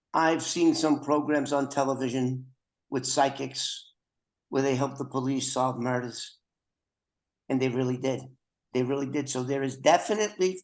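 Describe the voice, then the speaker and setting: A man's voice: medium pitch, rough recording. An older man hosting a podcast over a video call, chatting casually with rambling, joking asides. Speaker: podcast host.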